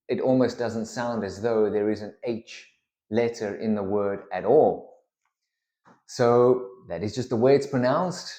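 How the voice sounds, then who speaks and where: Guy teaching pronunciation real slow, lowish mellow voice, echoey room. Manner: deliberate, patient, clearly enunciated. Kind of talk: slow instructional explanation.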